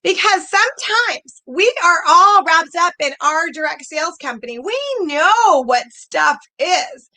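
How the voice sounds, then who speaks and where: A woman's voice: very high-pitched, lively intonation, measured pace, few pauses, bright, forceful tone. A woman coaching a group on direct sales in a chatty, upbeat way, often acting out messages. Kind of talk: casual coaching talk to an online group.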